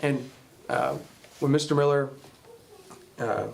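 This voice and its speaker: A man's voice: mid-range voice, takes it slowly, gravelly, slight background noise. A man speaking to a Bible class, retelling a film scene in a rambling, casual way to draw a moral. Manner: rambling, many fillers and restarts.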